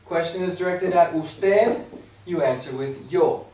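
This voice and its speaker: A man's voice: on the high side, a little slow, darkish tone. A man teaching a recorded Spanish grammar lesson, explaining patiently with playful asides. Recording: echoey room, far from mic, faint background hum.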